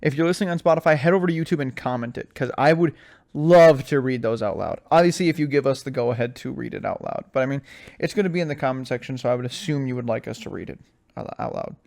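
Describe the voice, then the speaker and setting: A man's voice: medium pitch, fast, creaky. A young man hosting a podcast on his own, chatting casually and telling stories with a lot of slang and filler words. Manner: animated storyteller, slangy, says "like" and "dude" a lot. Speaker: podcast host. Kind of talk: casual solo podcast chat.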